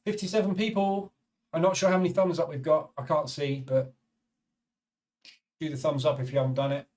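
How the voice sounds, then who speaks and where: A man's voice: fairly high pitch, fairly even intonation, brisk, a little mellow, recorded from a distance. A man hosting a live trading stream, chatting casually and thinking aloud about the markets as he reads replies to viewers.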